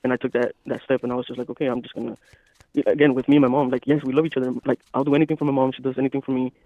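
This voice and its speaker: A man co-hosting a casual podcast chat, talking in a calm, even, matter-of-fact way. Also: medium pitch, very fast, no echo. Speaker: podcast co-host. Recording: dry, phone-like thin sound.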